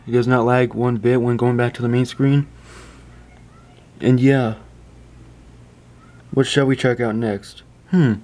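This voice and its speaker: A man's voice: medium pitch, warm tone. A man giving a casual phone review indoors, chatty and stumbling over his words, often stopping to apologize. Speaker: tech reviewer.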